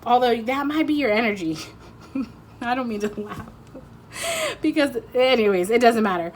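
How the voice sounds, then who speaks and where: A woman's voice: a little high, moderate pace, slight background noise. A woman giving a casual intuitive card reading, rambling and chatty with lots of fillers and frequent laughs. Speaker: tarot reader.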